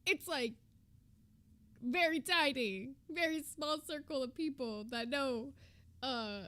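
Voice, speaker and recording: A woman's voice: sits high, slow pace, bright, forceful tone. A woman streamer giving mocking, profane reaction commentary with laughing asides.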